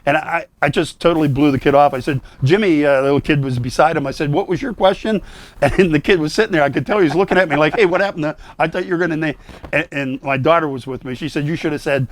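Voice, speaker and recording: A man's voice: fairly high pitch, quick pace. An older man who works as Santa, chatting casually with many fillers and restarts. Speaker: Santa performer guest. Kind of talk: casual chat.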